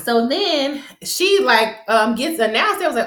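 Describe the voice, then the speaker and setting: A woman's voice: on the high side, normal speed. Chatty woman recapping in an echoey room. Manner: chatty and rambling, laughs often, animated quoting. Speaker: TV episode recap vlogger. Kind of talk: casual episode recap.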